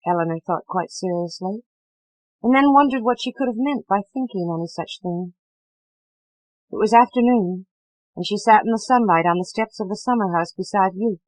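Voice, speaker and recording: A woman audiobook narrator reading a novel with a measured, dramatic delivery that drops to hushed passages. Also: medium pitch, dry recording, poor audio. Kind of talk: scripted literary narration.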